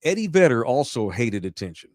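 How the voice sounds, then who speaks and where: Animated, profane man storyteller. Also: medium pitch, fairly quick, no echo, studio quality. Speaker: podcast co-host. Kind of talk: casual chat.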